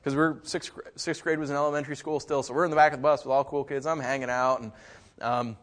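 A middle-aged man preaching a sermon, telling a childhood story with lively, animated delivery and mimicking other voices. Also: medium pitch, quick pace. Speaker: pastor. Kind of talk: sermon with personal stories.

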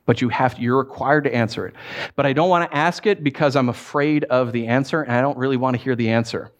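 A man's voice: medium pitch, fast talker. A male pastor preaching a sermon in a conversational, playful way, with self-deprecating humor and emphatic repetitions.

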